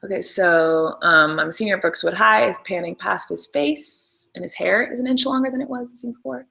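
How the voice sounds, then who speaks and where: Bright-voiced chatty young woman. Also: mid-range voice, moderate pace, vocal fry, rough recording. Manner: chatty, gushing, apologetic asides. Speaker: show creator and host. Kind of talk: casual live-stream commentary.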